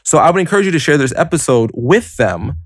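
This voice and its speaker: A motivational podcast host talks casually and directly to the listener, explaining things step by step and leaning heavily on "like" and "you know." His voice is on the high side and fast, with a lively, conversational manner and clean, echo-free studio sound.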